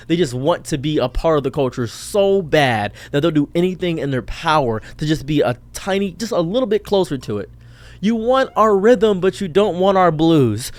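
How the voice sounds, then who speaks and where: A young man ranting through a reaction commentary with a fairly high-pitched voice. He sounds exasperated, flaring into loud outbursts and then dropping into quick muttered asides. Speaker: commentary streamer.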